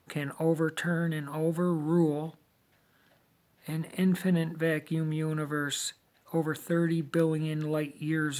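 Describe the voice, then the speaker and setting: A man delivering a lecturing monologue, emphatic and deliberate, with many rhetorical questions. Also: fairly high pitch. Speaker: video monologue host.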